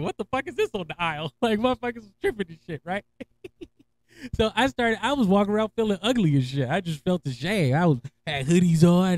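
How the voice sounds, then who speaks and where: A middle-aged man hosting a podcast, telling stories in a casual, profane way and laughing often. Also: high voice. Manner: laughing, profane, animated storyteller. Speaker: podcast host. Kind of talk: casual storytelling monologue.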